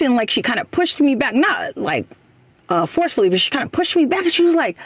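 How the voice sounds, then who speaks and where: A woman's voice: high-pitched, expressive, fast talker, slight background noise. A woman in her thirties telling a personal story in a casual, hesitant way, with many fillers, and she acts out the quoted lines. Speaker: guest storyteller.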